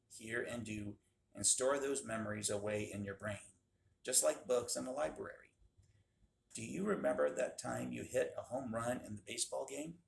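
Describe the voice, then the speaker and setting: A man voicing a kind, gentle older woman in a storybook reading, in an echoey room. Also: mid-range voice, creaky, a little hiss or hum.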